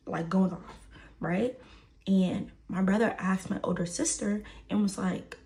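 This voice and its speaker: A woman's voice: mid-range voice, measured pace, vocal fry, a little hiss or hum. A young woman from Texas telling a personal story in a casual way, acting out the quoted dialogue. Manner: animated, acts out quoted dialogue.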